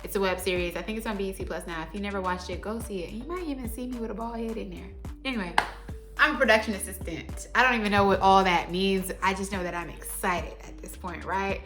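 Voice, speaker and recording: A young adult woman telling a story to her viewers in a casual, animated, slangy way. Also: medium pitch, fast, over music. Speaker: vlogger.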